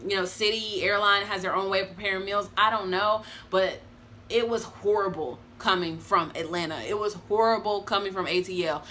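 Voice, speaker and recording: Woman, young adult, bright voice, chatty, expressive, casual vlog, faint background noise. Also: mid-range voice. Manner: chatty, expressive, addresses viewers as y'all. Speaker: vlogger.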